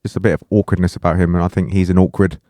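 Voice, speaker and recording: Male co-host, playful ribbing, slightly low voice, close dry mic. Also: level tone, racing, dark tone, no room sound. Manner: teasing, playful. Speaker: podcast co-host. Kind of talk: casual chat.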